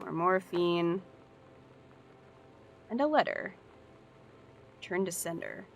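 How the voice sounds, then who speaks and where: A woman's voice: on the low side, expressive, takes it slowly, gravelly, a little hiss or hum. A woman giving casual, upbeat gameplay commentary and thinking aloud as she plays. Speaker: let's play host.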